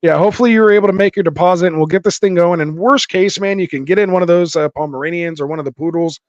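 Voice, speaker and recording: A man hosts a live fantasy football stream, chatting casually with viewers and reading their comments aloud, full of fillers. His high voice races along on a dull, dry lo-fi mic.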